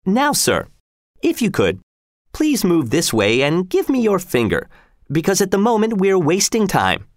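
A man voicing a cheerful, overly polite old executioner in a high, chirpy voice. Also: huge pitch swings, a little slow, no echo, studio quality, full character voice. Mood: cheerfully polite.

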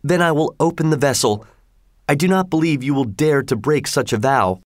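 A man's voice: on the high side, moderate pace, no room sound, clean studio sound, voice pushed up, close to an everyday voice. A man voicing a triumphant fisherman who scolds a trapped genie in a read-aloud folk tale, declaiming sternly. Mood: defiant. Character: boastful, triumphant poor male fisherman.

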